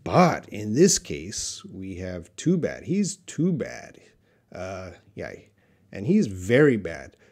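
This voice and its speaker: A man teaching English in a live-stream Q&A, slowly and patiently answering viewer questions with example sentences. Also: deep voice, wildly swooping pitch, darkish tone, breathy edge.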